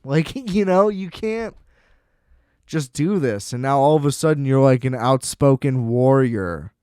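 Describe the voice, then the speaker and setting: Man, podcast host, profane sports rant, sarcastic, smooth tone, dry close sound. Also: medium pitch, lively intonation, normal speed, darkish tone, no room sound. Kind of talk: ranting sports commentary.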